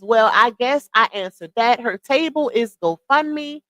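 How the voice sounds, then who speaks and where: A high-voiced woman hosts casual livestream commentary, sassy and incredulous, calling her viewers "y'all" and "baby." She's animated but takes it slowly, with a fairly bright tone on a dry but poor-quality recording.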